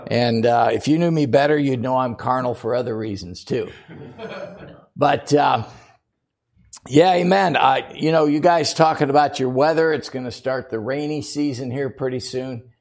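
A man's voice: mid-range voice, a little slow, a little mellow. Older man preaching with folksy humor. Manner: humorous, chatty, laughs at his own jokes. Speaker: guest preacher. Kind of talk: folksy sermon opening with jokes. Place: church sanctuary.

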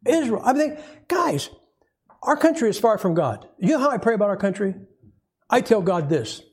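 A man's voice: very animated, fairly quick, a little mellow, husky. A man preaching a sermon in a folksy, conversational way, acting out quoted voices and asking the congregation questions. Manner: folksy, conversational, acts out quotes with rising pitch.

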